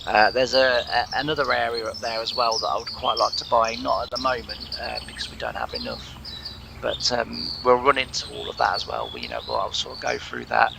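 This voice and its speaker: A man's voice: mid-range voice, expressive, a little fast, gravelly, background noise. An English man with a sore throat, chatting casually over a farming game with lots of fillers and restarts. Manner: rambling, many fillers and restarts. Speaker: gaming channel host. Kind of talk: casual let's play commentary.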